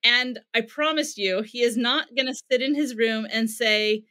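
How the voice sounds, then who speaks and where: A middle-aged woman with an American accent talks through her points in an interview, sounding like a teacher walking a class through an idea. Her voice sits a little on the high side, and she drives each point home with a concrete example and a repeated word. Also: measured pace, pushed and bright. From United States. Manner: teacherly, builds points with examples and emphatic repetition. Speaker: parenting expert guest. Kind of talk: explanatory interview answers.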